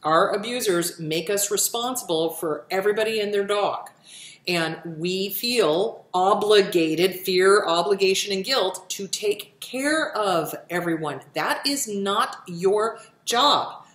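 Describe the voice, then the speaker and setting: A woman's voice: medium pitch, takes it slowly, fairly bright tone, reverberant. A woman hosting a question-and-answer show, answering viewer questions with blunt, profane, emphatic advice. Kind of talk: casual advice talk.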